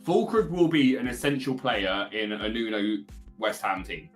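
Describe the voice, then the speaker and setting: A man co-hosting a casual fantasy football podcast, calmly laying out his options one by one with a dry sense of humour. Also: fairly low pitch, moderate pace, faint music behind. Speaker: podcast co-host.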